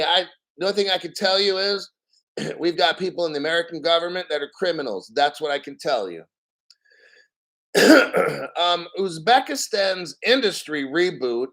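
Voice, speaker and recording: Angry guy ranting on his channel, swears a lot, clears his throat, kinda high voice. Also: fairly bright tone. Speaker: host. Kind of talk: ranting casual commentary.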